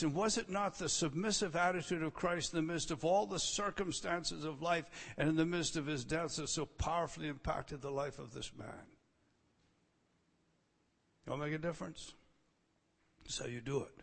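Emphatic preacher in a reverberant hall. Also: male voice, a little high. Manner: emphatic, repeats key words, swings between soft asides and loud stresses. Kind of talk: sermon. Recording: long reverb of a large hall.

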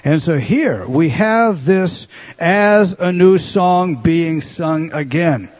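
Husky-voiced man preaching an emphatic sermon. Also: a little high, lively intonation, slow pace, darkish tone. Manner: emphatic, repeats key words, asks the congregation questions. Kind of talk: expository sermon.

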